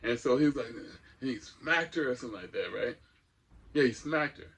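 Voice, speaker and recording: A man's voice: mid-range voice, lively intonation, brisk, fairly bright tone, husky. An older man, a co-host telling a rambling story in a casual chat. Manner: rambling, restarts often, chuckles through stories.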